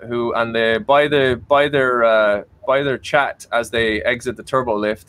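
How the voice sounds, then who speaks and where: A man's voice: medium pitch, a bit bright, clear, resonant tone. A man narrating as game master for a tabletop role-playing game, with many ums and restarts.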